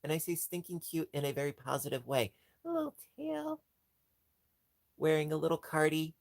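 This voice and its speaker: A man's voice: fairly even intonation, quick pace, dry recording. Gushing man squealing over cute crafts. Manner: gushing, jumps to squeaky high pitch on cute things; rambling with frequent restarts and ums. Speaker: livestream host. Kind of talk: casual livestream chat.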